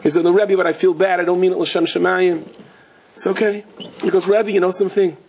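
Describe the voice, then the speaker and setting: A man's voice: brisk, vocal fry, a little hiss or hum. A man, a rabbi giving a Torah lecture, telling stories and acting out the people in them with big jumps in his voice. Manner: animated storyteller, acts out quotes with big pitch jumps.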